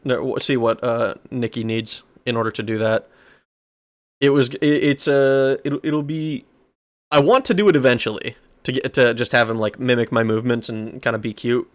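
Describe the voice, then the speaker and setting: A man streaming a game live, rambling with stammered restarts, frequent laughs and casual swearing. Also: mid-range voice.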